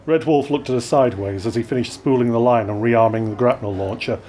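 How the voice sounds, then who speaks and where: A man reading a story aloud to an audience, with wry, expressive narration. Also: mid-range voice, brisk, hardly any pauses, a little hiss or hum. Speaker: reader. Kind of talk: live reading of his own story.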